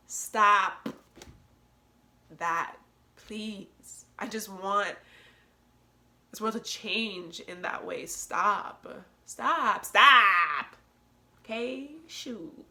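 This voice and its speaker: Young female podcast host, bright tone, earnest and preachy, laughs a lot. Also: medium pitch, slight background noise. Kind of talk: candid solo podcast talk.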